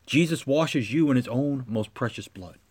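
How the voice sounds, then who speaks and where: A man preaching a sermon as pastor, with a measured cadence that swells into emphatic lines. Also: medium pitch, lively intonation, darkish tone, slightly rough.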